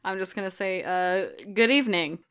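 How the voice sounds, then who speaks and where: A woman's voice: medium pitch, normal speed, a bit bright, clean tone. A woman playing her character in a tabletop game, talking casually and hesitantly, often trailing off. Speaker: player.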